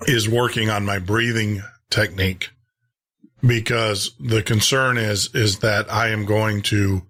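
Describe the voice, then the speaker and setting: A man from Tennessee hosting a show, chatting casually with frequent pauses and restarts. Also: on the low side, steady tone, a bit bright. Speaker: radio show host. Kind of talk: casual chat.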